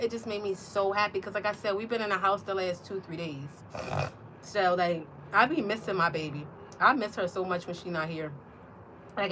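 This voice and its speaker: A woman's voice: medium pitch, a little hiss or hum. A woman, talking casually and rambling to her viewers with many fillers and restarts, as an intuitive reader. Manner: chatty, warm-hearted, rambling with fillers and restarts. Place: outdoors on a porch.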